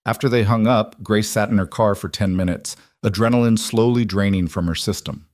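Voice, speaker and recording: A man giving scripted narration of a story, even and unhurried. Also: lowish voice, no room sound, studio quality.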